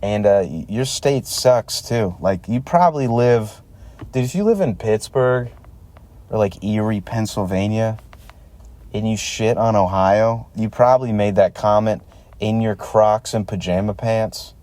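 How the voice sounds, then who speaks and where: A man's voice: lowish voice, measured pace, dark tone. A man in his thirties hosting a solo comedy podcast, ranting sarcastically and swearing freely from a laundromat. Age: 30s. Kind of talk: solo stand-up style rant.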